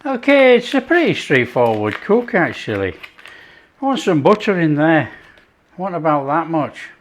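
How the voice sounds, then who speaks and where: A man's voice: fairly high pitch, normal speed. A man hosting his own cooking show, chatting casually as he prepares a dish. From not France. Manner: chatty, relaxed, talks while working.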